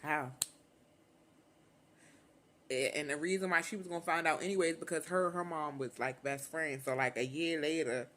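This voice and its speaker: A young adult woman vlogger telling a storytime in casual, slangy, profane talk, animated and unfiltered. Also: sits low, moderate pace, pauses often.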